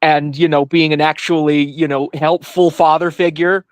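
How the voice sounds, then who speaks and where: A man's voice: on the high side, level tone, normal speed, clean tone, no echo. A man co-hosting a podcast, chatting casually and agreeably about movies. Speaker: podcast co-host.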